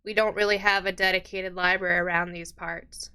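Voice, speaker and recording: A woman's voice: fairly low pitch, flat delivery, brisk, pushed and bright, smooth. A woman voicing a busy, wary village tailor wife who is anxious to get home to her husband. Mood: chatty.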